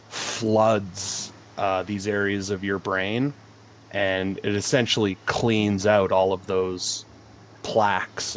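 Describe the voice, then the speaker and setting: A male personal trainer on a podcast, speaking very slowly in a fairly low voice. He stays laid-back and fills his speech with "like" and "man". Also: a little hiss or hum. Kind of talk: casual chat.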